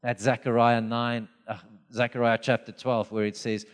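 A man preaches in a lively, storytelling way and acts out the voices in his stories. His voice sits in the middle range for a man. It rings with the long reverb of a large hall. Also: mid-range voice, moderate pace, few pauses, clean tone. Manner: animated storytelling, acts out dialogue. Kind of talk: sermon.

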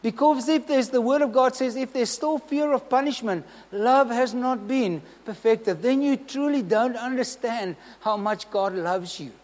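A man's voice: extremely high pitch, measured pace, few pauses, darkish tone, in a large hall. A man preaching a sermon, earnest and emphatic, asking the congregation questions.

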